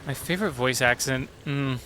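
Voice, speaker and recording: A male streamer talks through a horror game, muttering to himself, cursing and chatting with viewers about voice work. His voice is bright and sharp with an average male pitch. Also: moderate pace, a little hiss or hum. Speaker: streamer and voice actor. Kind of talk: casual live-stream chat while gaming.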